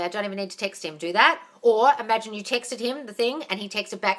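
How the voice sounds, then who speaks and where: Bright-voiced, blunt woman on a live Q&A. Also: mid-range voice, fairly quick, hardly any pauses. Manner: blunt and profane, calls listeners darling. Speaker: manifesting coach answering live questions. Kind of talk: casual live Q&A. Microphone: phone.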